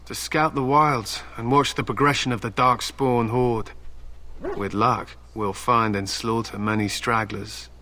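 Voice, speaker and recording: A proud, stern warrior from a video game, with a bright, forceful edge to his voice. He speaks solemnly of old legends and turns blunt and threatening without raising his tone. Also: mid-range voice, fairly even intonation, measured pace, slight background noise. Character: stern proud male warrior, hound handler.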